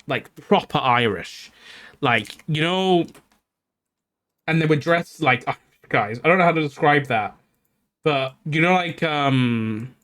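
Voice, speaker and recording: A man streaming, telling a story to his chat in a casual, animated way, swearing freely and laughing as he goes. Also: mid-range voice.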